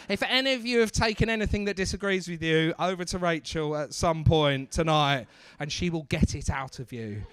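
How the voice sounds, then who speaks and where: A man's voice: a little high, normal speed, few pauses, a bit bright, smooth, no echo, studio quality. A man working as a comedy club MC, doing brash, teasing crowd work on stage and swearing freely into a handheld mic.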